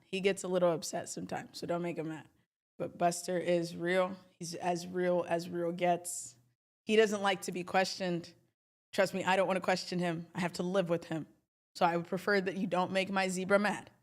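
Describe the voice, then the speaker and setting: A young woman hosting a trading livestream, talking in a chatty, emphatic and animated way. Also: on the low side. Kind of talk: casual livestream talk.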